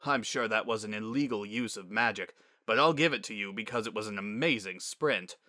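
A man's voice: lowish voice, fairly quick, pushed and bright, no echo, clean studio sound. A man voicing a playful, proud middle-aged pegasus father in a storybook reading, talking in an encouraging fatherly way.

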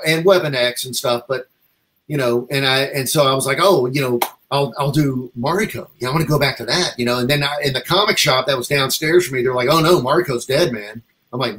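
A man's voice: mid-range voice, fairly quick, rough recording. A man telling a long, rambling story in a casual interview, acting out what other people said to him. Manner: rambling, animated, acts out quoted dialogue. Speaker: comic artist guest.

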